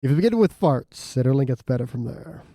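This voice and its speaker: A man's voice: mid-range voice, lively intonation, brisk, dark tone, no room sound, clean studio sound. A man guesting on a podcast, chatting casually and riffing on jokes with frequent giggles. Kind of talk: casual comedic chat.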